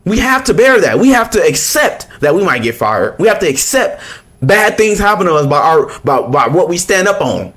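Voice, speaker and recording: Male reaction commentator, heated and profane, high-pitched. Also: big pitch swings, normal speed, a bit bright. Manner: blunt, profane, heated, lots of restarts. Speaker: political commentator reacting to a clip.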